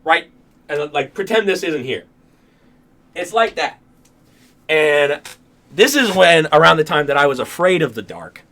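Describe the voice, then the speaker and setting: Bright-voiced young man telling a dream. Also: on the high side, sing-song, a little slow, long pauses. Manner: rambling, laughs often, acts out his own reactions. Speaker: podcast co-host. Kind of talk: casual chat.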